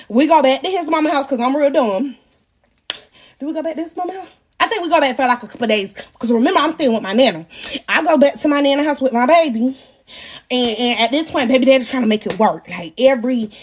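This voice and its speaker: A young woman in her twenties casually telling her viewers a story, animated, profane and self-mocking, acting out the voices of the people in it. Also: fairly high pitch. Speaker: vlogger.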